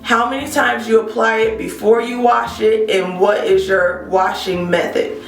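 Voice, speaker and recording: A woman's voice: fairly high pitch, fairly even intonation, measured pace, gravelly, recorded from a distance. A woman vlogger with a cold gives a casual product review, her voice scratchy as she talks straight to viewers. She speaks a little away from the mic in a roomy space. Faint guitar music plays underneath. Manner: chatty, addresses viewers directly, frequent ums. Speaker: hair care vlogger.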